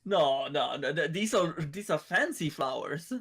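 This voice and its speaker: A man playing a tabletop game, animated, laughing and swearing casually. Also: on the high side, measured pace, slightly rough. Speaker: player.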